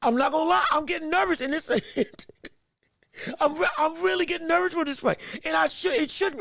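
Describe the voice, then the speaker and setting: High-voiced, excitable man hosting a live podcast. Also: a little fast, no room sound. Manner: energetic, excitable, frequent restarts and hype greetings. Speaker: podcast host. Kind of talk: live-stream boxing podcast, reading the chat.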